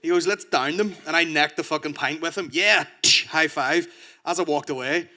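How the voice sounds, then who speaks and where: A man with a Northern Irish accent performing a crude stand-up set, telling stories fast and loose. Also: on the high side, fairly even intonation, pushed and bright. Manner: crude, rapid storytelling. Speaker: stand-up comedian.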